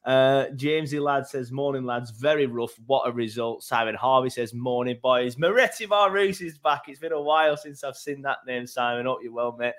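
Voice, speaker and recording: A man's voice: medium pitch, normal speed, hardly any pauses, fairly bright tone. A man, casually hosting a football fan podcast and reading out listener comments. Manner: chatty, reads out listener comments. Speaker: podcast host.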